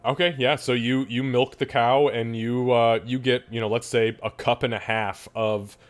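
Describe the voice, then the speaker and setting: A man's voice: mid-range voice, level tone, normal speed. A man running a tabletop game as game master, narrating in a casual, sweary, loose way.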